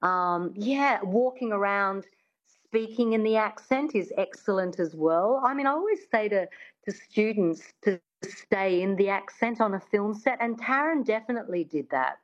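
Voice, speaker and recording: A woman's voice: mid-range voice, expressive, normal speed, dull audio. A woman with an Australian accent, an accent coach chatting as an interview guest with many restarts.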